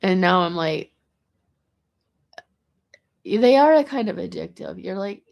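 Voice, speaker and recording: A woman's voice: mid-range voice, animated, slow pace, vocal fry, a little mellow. A woman talking in a casual, meandering monologue to the camera, restarting and repeating words as she goes. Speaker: vlogger.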